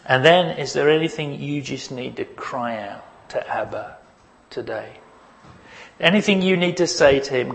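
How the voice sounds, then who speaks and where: A man preaching a sermon as pastor, earnest and questioning, leading the listeners into a quiet reflection. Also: a little high, normal speed, gravelly, poor audio.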